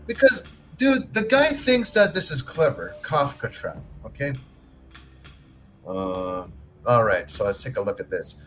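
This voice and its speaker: A man's voice: medium pitch, very animated, a little fast, a bit bright, faint music behind, poor audio. A man hosting a livestream, arguing his point with frequent restarts and some swearing. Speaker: livestream host. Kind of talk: casual livestream commentary.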